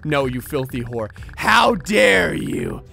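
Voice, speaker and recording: A man's voice: a little high, big pitch swings, normal speed, bright, forceful tone, soft background music, voice pushed down. Man reading as a scolding kindergarten girl. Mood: scornful. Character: bossy menacing kindergarten girl playing house.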